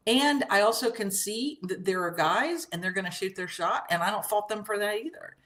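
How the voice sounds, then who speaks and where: A woman's voice: medium pitch, animated, normal speed, a bit bright. A woman in casual conversation, speaking reflectively and hesitantly, often restarting her sentences.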